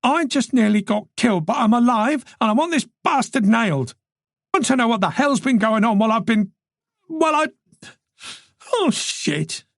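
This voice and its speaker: A woman's voice: on the high side, lively intonation, brisk, gravelly, few pauses, dry recording, studio quality, pitched above the performer's own voice. A narrator voicing a shaken young woman detective who speaks urgently and breaks toward sobs. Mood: desperate.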